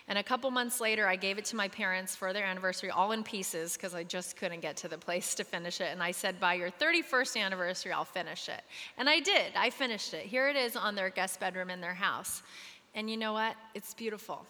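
A woman's voice: medium pitch, pushed and bright. A woman speaking to a group of mothers, telling a personal story earnestly and closing in prayer in a large hall. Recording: long hall reverb.

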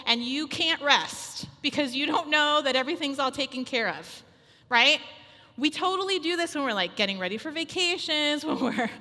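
A woman in her thirties giving a chatty, animated sermon full of personal stories, acting out little quotes. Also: high voice. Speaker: speaker at a women's church gathering. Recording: long hall reverb.

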